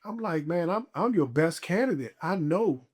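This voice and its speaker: A man's voice: a little high, expressive, normal speed, darkish tone, breathy edge. Emphatic male podcast guest. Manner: emphatic, often says "man", acts out his own past thoughts. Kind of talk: casual storytelling.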